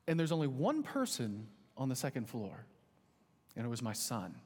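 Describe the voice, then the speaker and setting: Man, pastor, conversational storytelling sermon, animated delivery, echoey hall. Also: medium pitch, moderate pace, breathy edge. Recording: long hall reverb.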